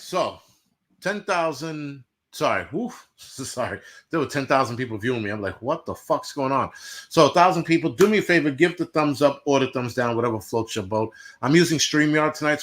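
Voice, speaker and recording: Male livestream host, blunt foul-mouthed rant, mid-pitched everyday voice. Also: fairly bright tone. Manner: profane, blunt, ranting. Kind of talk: casual livestream rant to chat.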